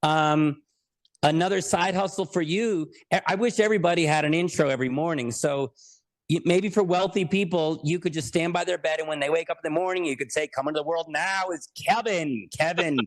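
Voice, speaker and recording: A man's voice: on the high side, a little fast. A man talking as a podcast guest in casual interview chat, joking, self-deprecating and rambling.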